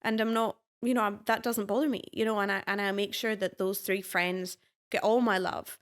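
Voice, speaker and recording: A woman in her twenties with a Scottish accent, chatting as a podcast guest in an animated way and laughing easily. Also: medium pitch, moderate pace. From Scotland. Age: 20s. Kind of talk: casual interview chat.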